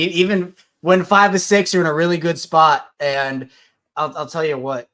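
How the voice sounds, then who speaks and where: A man's voice: mid-range voice, a bit bright. Chatty man hosting fan call-ins. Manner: chatty, laughs often, repeats himself. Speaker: host of a fan call-in show. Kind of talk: casual call-in chat. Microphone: streaming setup.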